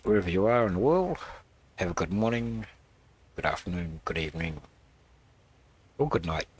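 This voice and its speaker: A man hosting a gaming channel, casually talking through his game build in a rambling, halting way with many fillers. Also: deep voice, expressive, breathy edge. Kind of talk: casual gameplay walkthrough.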